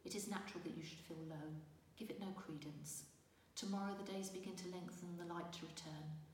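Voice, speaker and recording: A woman voicing a gentle, patient female fairy teacher with a warm, honeyed, reassuring manner, recorded from a distance in a reverberant room. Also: on the low side, steady tone, brisk, a little hiss or hum, lightly acted. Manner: reassuring, encouraging.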